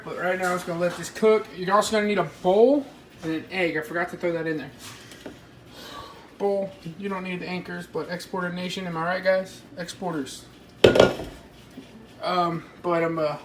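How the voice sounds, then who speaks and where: A man's voice: high-pitched, steady tone, fairly quick. A man, chatting informally to viewers in a casual cooking vlog from his parents' kitchen. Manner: rambling, informal, talks straight to viewers. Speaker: fishing vlogger. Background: faint household noise.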